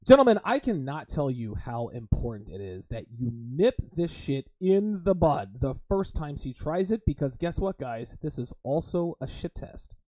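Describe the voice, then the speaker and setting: A man's voice: fairly high pitch, big pitch swings, normal speed, hardly any pauses, dark tone, no room sound. A man hosting a livestream podcast, talking crudely and emphatically and repeatedly calling his listeners guys. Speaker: host.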